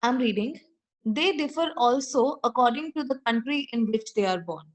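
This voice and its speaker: In a rough recording, an expressive woman with a fairly high pitch and an Indian English accent explains literature at normal speed. She reads out passages, puts them into her own words, and asks rhetorical questions.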